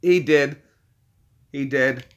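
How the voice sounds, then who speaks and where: A man hosting a casual live chat, often cooing soft baby talk to his dogs. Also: mid-range voice, takes it slowly. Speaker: channel host.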